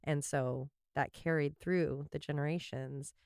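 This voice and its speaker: A woman's voice: low-pitched, fairly even intonation, measured pace, vocal fry, a little mellow, clear, resonant tone, no echo, studio quality. A woman co-hosting a podcast, chatting casually and reflectively, often slipping into quoted voices. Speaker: podcast co-host. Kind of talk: casual chat.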